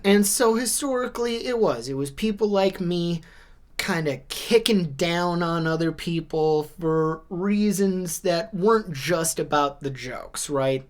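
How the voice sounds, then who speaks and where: Wry chatty man telling jokes. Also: on the high side. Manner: wry, chatty joke-telling with frequent tag questions. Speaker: comedian. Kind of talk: comedic monologue.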